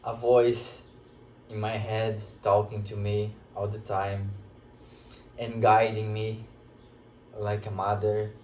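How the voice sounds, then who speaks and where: Slow, reflective man in an echoey room. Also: on the low side, little pitch movement, a little mellow, slight background noise. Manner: slow, emotional, reflective, pausing often. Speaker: spiritual teacher sharing a personal experience. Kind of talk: reflective personal storytelling.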